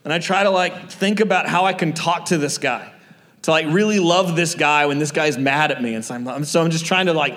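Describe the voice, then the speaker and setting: A man's voice: fairly high pitch, fairly quick, a bit bright, in a large hall. A man preaching a sermon in an earnest, conversational way, full of fillers and personal stories.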